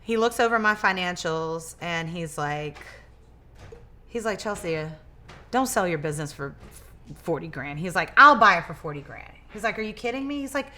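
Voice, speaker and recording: A woman guest in a casual interview, telling her story in a lively way, acting out quoted dialogue and often restarting her words. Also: lowish voice, normal speed, a little hiss or hum. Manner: animated, acts out quoted dialogue. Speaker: interview guest, business owner.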